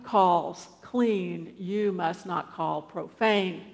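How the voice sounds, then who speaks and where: A woman voicing a divine voice that gives slow, solemn commands. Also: fairly low pitch, creaky, pitched below the performer's own voice, full character voice. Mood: commanding. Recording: long hall reverb.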